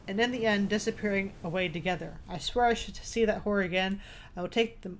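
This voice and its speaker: A woman's voice: mid-range voice, a little hiss or hum, close to an everyday voice. A woman voicing a grim, vengeful old male fisherman in a game, reading the dialogue aloud with a few stumbles.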